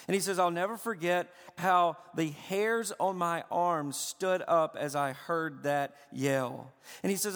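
A man preaching a sermon, moving from hushed storytelling to impassioned crying out. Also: on the high side, creaky, long reverb tail. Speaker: pastor.

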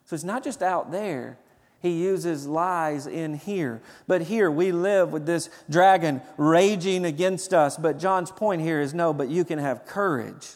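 A man's voice: on the high side, unhurried, darkish tone, in a large hall. A man preaching a sermon as pastor, building to emphatic bursts of conviction. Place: church sanctuary.

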